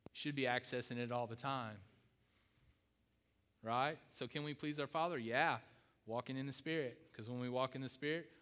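A man's voice: mid-range voice, fairly bright tone, clean tone, big-room sound. A middle-aged man preaching a sermon, emphatic, repeating key phrases and asking his congregation questions. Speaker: pastor.

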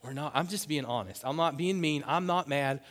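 A man preaching a sermon to his church, passionate and swinging into loud, emphatic bursts. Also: on the high side, moderate pace. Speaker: pastor. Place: church sanctuary. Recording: long hall reverb.

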